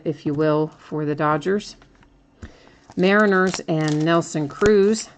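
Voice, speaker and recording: A woman hosting a card break, chatting casually as she names each card she pulls and laughs at her own slips. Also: deep voice.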